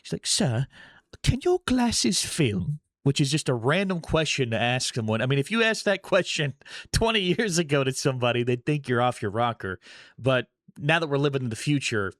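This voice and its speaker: A man's voice: mid-range voice, animated, fairly quick, a bit bright, dry recording, studio quality. A man in casual vlog storytelling, rambling and correcting himself as he goes. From United States. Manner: rambling, self-correcting, chuckles while telling stories. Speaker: vlogger.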